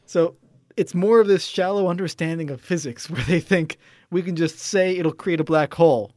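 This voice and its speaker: Male co-host, analytical nitpicker, slightly high voice, dry booth sound. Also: moderate pace, darkish tone, dry recording. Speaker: podcast co-host. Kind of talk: casual chat.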